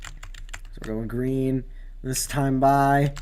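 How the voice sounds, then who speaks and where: A man's voice: mid-range voice, steady tone, extremely slow, darkish tone, clear, resonant tone. A man casually commenting while racing in a video game, rambling with fillers and bursting out at near-crashes. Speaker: gamer doing race commentary.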